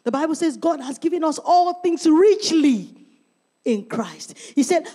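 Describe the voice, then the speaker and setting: A woman's voice: high-pitched, animated, measured pace, dark tone. A middle-aged woman pastor preaching a sermon, emphatic and calling out to members of the congregation. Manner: emphatic, calls out to the congregation by name.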